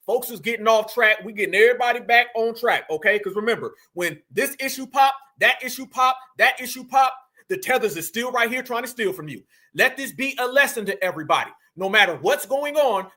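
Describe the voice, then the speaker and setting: A man's voice: sits high, pushed and bright. A man hosting a fiery political commentary broadcast, speaking in with an emphatic, mocking, preacher-like delivery that calls out to his audience. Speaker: commentary channel host.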